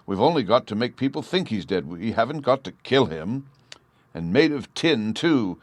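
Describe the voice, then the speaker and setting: A man's voice: mid-range voice, sing-song, normal speed, dry recording, voice pushed up. A man reading an audiobook, voicing a testy, scornful husband who snaps and sneers. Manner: snappish and scornful.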